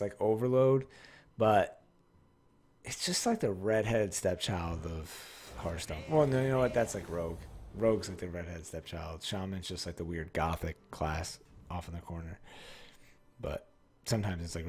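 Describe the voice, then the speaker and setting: Low-voiced man rambling over card packs. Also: normal speed, darkish tone, a little hiss or hum. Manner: rambling, self-correcting, swears freely. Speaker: card game pack-opening streamer. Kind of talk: casual card-opening commentary.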